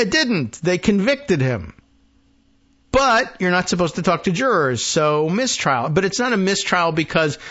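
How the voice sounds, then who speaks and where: A man's voice: fairly high pitch, a bit bright, lo-fi sound. A man hosting a political talk show, reading news aloud with sarcastic asides and mock quotes. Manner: sarcastic, mocking, acts out imagined quotes.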